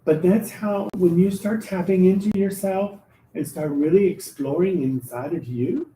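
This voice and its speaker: A man's voice: high-pitched, measured pace, slight background noise. Man telling stories, echoey distant mic. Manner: animated, acts out dialogue, laughs often. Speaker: spiritual reader on a live show. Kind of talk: casual storytelling.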